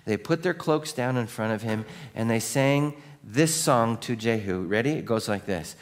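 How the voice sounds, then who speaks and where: A man pastor delivers a sermon at a middle pitch. He keeps firing questions at his congregation in an animated way and sinks into a slow, hushed delivery for solemn moments. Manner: drops to a quiet, slow voice for solemn points.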